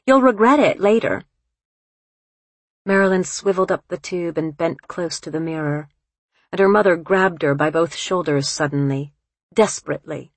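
A woman narrating an audiobook in a measured, even reading voice. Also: deep voice, no room sound.

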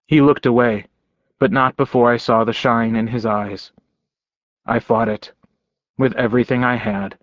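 A man narrating a novel in first person, quiet, measured and intimate. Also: medium pitch, steady tone, dry recording. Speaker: audiobook narrator. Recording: dull, dry lo-fi recording.

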